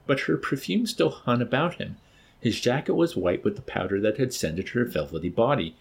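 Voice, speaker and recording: A man narrating an audiobook with an expressive, dramatic reading. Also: mid-range voice, normal speed, vocal fry, slightly rough. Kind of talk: scripted narration.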